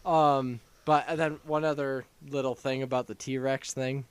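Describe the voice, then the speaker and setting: A young man co-hosting a casual gaming podcast, excitable and gushing, often acting out his own reactions. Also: mid-range voice, unhurried, clear, resonant tone. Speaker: podcast co-host.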